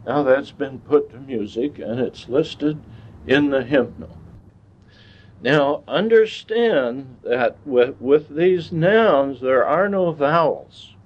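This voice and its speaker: A man gives a Bible lesson in a sermon style, speaking slowly and deliberately and pausing over each point. He talks like a teacher and asks his class questions. The recording is dull and lo-fi, and his voice sits at a middle pitch. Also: expressive.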